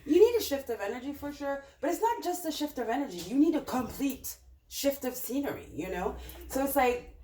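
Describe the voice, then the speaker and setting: A woman's voice: high voice, animated, fairly quick, mellow, recorded from a distance. A woman talks her way through a tarot spread in a loose, rambling way, full of fillers and restarts. She sits a little away from the microphone, so her voice sounds roomy. A faint noise stays underneath. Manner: chatty, rambling, with many fillers. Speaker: tarot reader. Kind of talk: casual tarot reading.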